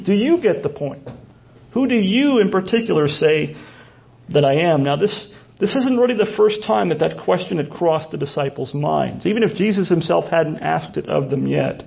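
A man's voice: fairly high pitch, gravelly, highs cut off. A male pastor preaching a conversational sermon with folksy asides and frequent restarts.

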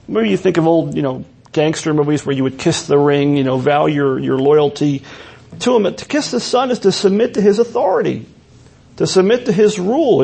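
A man's voice: high voice, vocal fry, a little mellow, breathy edge. A man preaching an expository sermon as a pastor, earnest and explanatory, often restarting his phrases.

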